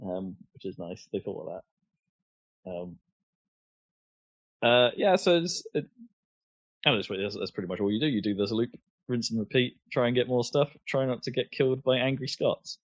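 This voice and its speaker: A man's voice: medium pitch, lively intonation, moderate pace, long pauses, no echo. A man co-hosting a podcast, chatting casually, with lots of fillers and restarts. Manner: hesitant, many fillers and restarts. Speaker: podcast co-host. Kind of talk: casual chat. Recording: dull lo-fi podcast audio.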